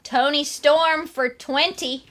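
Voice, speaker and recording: A woman's voice: high-pitched, fairly even intonation, slow pace, fairly bright tone. A young woman chatting playfully on a live sales stream, teasing and listing signed photos. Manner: playful, bantering. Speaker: guest autograph seller.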